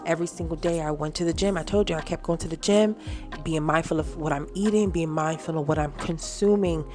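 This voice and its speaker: A woman telling an animated, faith-filled story to her viewers in casual chat. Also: sits low, brisk. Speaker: vlogger. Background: music.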